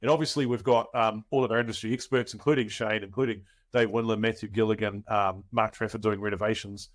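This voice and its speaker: A chatty man hosts a property webinar over a video call. His voice sits on the lower side, and his pitch is upbeat and salesy, full of "um" and "you know." He talks casually rather than reading a script. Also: fairly even intonation, fast. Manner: chatty and promotional, with filler words. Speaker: property coach hosting a webinar.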